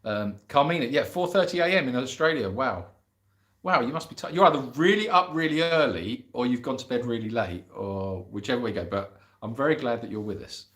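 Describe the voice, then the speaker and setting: Brisk and expressive, a man from England with a medium-pitched, slightly bright voice hosts a casual live question session for an animal sanctuary. He meanders, laughs at his own remarks and reads viewer messages aloud in a space with roomy echo.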